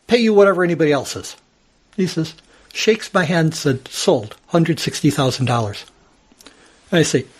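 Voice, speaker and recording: A man's voice: fairly high pitch, slightly rough. A man in his sixties, casually telling a long personal story at home and acting out the people he quotes. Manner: animated storyteller, acts out quoted voices. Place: old house at home.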